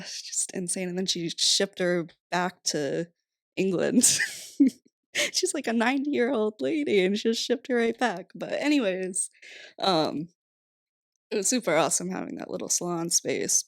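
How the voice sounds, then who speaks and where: A gravelly, lowish, expressive voice belongs to a Rhode Island podcast guest in her twenties, speaking a little slowly in casual interview chat. She laughs often and uses "like" a lot, and the studio-quality audio has no room sound.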